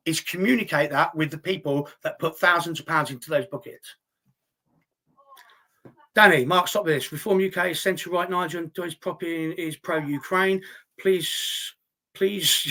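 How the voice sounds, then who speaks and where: Reading his chat aloud on a live stream, this middle-aged host swears a lot and answers comments in a blunt, argumentative way. His voice is high-pitched, bright and forceful.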